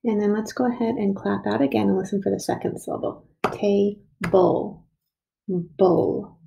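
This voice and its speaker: A woman's voice: medium pitch, steady tone, vocal fry, dark tone, muffled recording, slight background noise. Patient woman teaching young writers. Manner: slow, patient, stretches out word sounds. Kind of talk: early reading and writing lesson.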